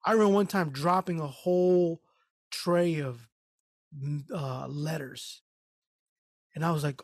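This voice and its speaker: A man's voice: high-pitched, unhurried, long pauses, dry recording, studio quality. A man telling a work story in casual podcast chat, swearing and acting out what people said. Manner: profane, animated retelling with quoted voices. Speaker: podcast co-host.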